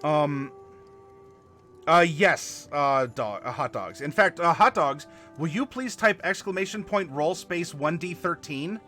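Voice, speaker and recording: Bright-voiced man running a stream. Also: fairly high pitch, animated, faint music behind. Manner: halting, with frequent fillers, spelling out dice commands for viewers. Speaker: game master and stream host. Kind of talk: live-streamed tabletop worldbuilding, talking to chat.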